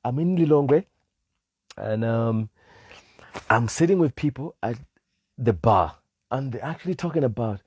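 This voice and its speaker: A man DJ from Malawi telling a personal story in casual chat, animated, laughing often and acting out the people he quotes. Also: medium pitch, unhurried, pauses often, slightly rough, no echo. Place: live stream.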